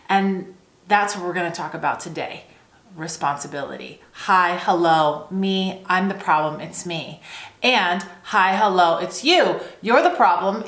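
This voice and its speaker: Slow-talking woman in an echoey room. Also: mid-range voice, a bit bright. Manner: unhurried, chatty, many fillers and rhetorical questions. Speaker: personal growth vlogger. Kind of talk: casual talk to camera.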